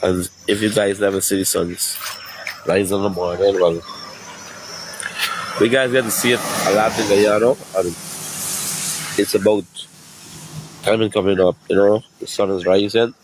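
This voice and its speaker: A grieving father, tearful and shaken, speaking haltingly into his phone outdoors at sunrise. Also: on the low side, steady tone, background noise. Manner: halting, repeats words. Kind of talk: emotional selfie video.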